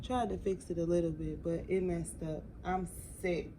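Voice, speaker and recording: A young adult woman vlogs while working on a craft project, chatting casually with her viewers, calling them "y'all" and reacting with open emotion. Her voice sits on the low side, steady and dark, at a moderate pace. The audio is poor, with a little hiss or hum.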